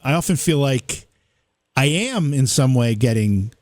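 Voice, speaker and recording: A man's voice: medium pitch, lively intonation, measured pace, a little mellow, no echo. A man hosting a podcast, asking a guest questions in a casual interview. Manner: reactive, asks thoughtful questions. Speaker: podcast host.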